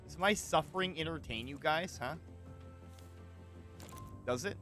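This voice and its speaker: A man streaming a survival game, giving animated, swear-laden commentary and chatting with his viewers. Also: a little high, measured pace, soft background music. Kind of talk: live gameplay commentary.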